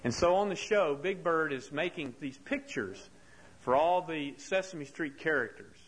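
Preacher guy giving a sermon, earnest storytelling, voice kinda high, gets fired up with questions. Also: animated, unhurried, breathy edge, low-quality recording. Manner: earnest storytelling, rising to impassioned rhetorical questions. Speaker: pastor.

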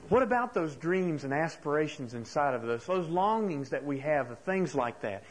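A man's voice: a little high, sing-song, normal speed, few pauses, low-quality recording. A man preaching a sermon, telling a story earnestly and building to impassioned rhetorical questions. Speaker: pastor.

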